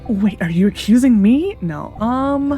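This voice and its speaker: A woman's voice: on the high side, lively intonation, measured pace, dark tone, soft background music. A woman hosting a video game playthrough, chatting casually in a rambling way full of hesitant fillers. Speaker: gaming channel host. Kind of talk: casual let's-play commentary.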